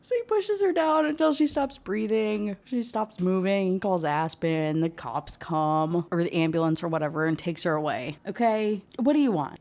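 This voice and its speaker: A woman's voice: medium pitch, a little mellow. Sarcastic young woman reviewing a book. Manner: sarcastic, incredulous, quick to laugh. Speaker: book reviewer reading aloud. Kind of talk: casual ranting book review with read-aloud passages.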